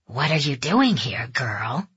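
A woman voicing a dirty, menacing male vagrant with a gruff, slow, leering drawl. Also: very deep voice, very animated, fairly bright tone, no room sound, voice pushed down, full character voice. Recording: dull, dry close recording.

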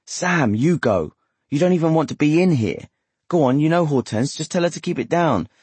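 A man's voice: a little high, lively intonation, moderate pace, breathy edge, dry recording, voice pushed up. A man voicing an easygoing middle-aged husband who coaxes a friend in a carrying whisper. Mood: coaxing. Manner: mild, breezy, urging in a loud whisper.

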